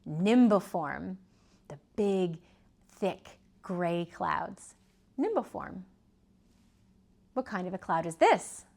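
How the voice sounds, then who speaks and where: A woman teaching a preschool lesson, gently asking children to repeat words and point. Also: fairly low pitch, takes it slowly, gravelly. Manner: sing-song, asks children to repeat and point.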